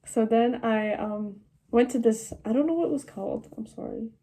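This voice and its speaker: A seventeen-year-old girl tells a travel storytime in her vlog, speaking at a normal pace in a warm, fairly high voice. She's chatty, laughs a lot, and says "like" constantly.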